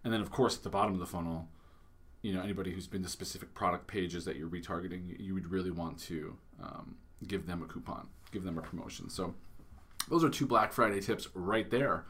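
A man in his thirties with a lowish voice chats casually on a podcast about marketing tips. He talks loosely, full of fillers and restarts. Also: brisk, fairly bright tone. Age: 30s. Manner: chatty, lots of fillers and restarts. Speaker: podcast host.

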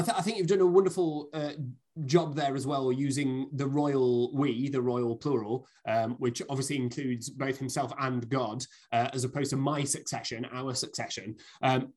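A man hosting a podcast, asking questions in an enthusiastic, articulate way. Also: mid-range voice. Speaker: podcast host. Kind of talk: casual podcast conversation.

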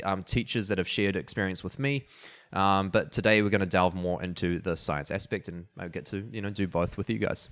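A man with a somewhat low voice hosts his podcast in a relaxed, explanatory way. He rambles, fills gaps with ums and uhs, restarts his sentences, and laughs at his own asides. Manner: rambling, many fillers and restarts. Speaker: podcast host. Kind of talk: casual explanatory podcast talk.

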